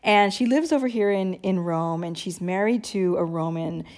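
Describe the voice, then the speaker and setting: A woman's voice: medium pitch, moderate pace. A woman from the United States co-hosting a podcast, telling stories in casual chat and laughing easily. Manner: animated storyteller, laughs easily. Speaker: podcast co-host. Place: lives in Rome.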